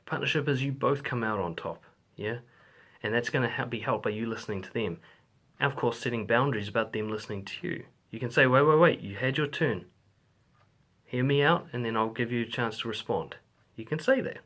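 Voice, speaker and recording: A relationship coach speaks straight to camera in an advice vlog, his mid-range voice brisk and fairly bright. He's blunt and sweary, acting out example lines as he gives his advice.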